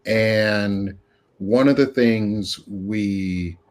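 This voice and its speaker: A man hosting a casual panel discussion over a video call, relaxed, with many ums. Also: lowish voice, very slow. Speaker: podcast host.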